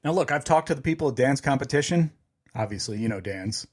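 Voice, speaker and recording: A man's voice: mid-range voice, expressive, quick pace. Middle-aged guy on a podcast, jokey, keeps laughing mid-sentence, regular voice. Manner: jokey, laughs often while talking. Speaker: podcast co-host. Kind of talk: casual chat.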